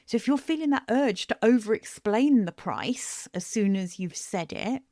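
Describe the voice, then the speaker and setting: A woman's voice: mid-range voice, lively intonation, moderate pace, hardly any pauses, a little mellow, no room sound, studio quality. A woman hosting her own coaching podcast, talking directly and emphatically to listeners, repeating phrases to drive each point home. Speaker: business coach and podcast host. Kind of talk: solo podcast monologue.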